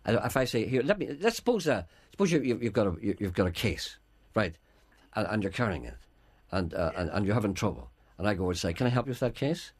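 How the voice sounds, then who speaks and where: A man's voice: lowish voice, big pitch swings, fast talker, slightly rough. A middle-aged man with a Northern Irish accent, hosting a comic radio chat in a wry, rambling, mock-serious way. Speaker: radio host. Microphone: studio microphone.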